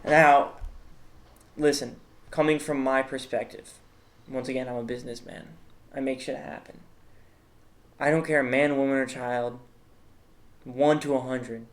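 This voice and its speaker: A man's voice: mid-range voice, fairly even intonation, measured pace. A man hosting a comedic tier-list commentary, rambling in a mock-serious way with lots of fillers. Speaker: host.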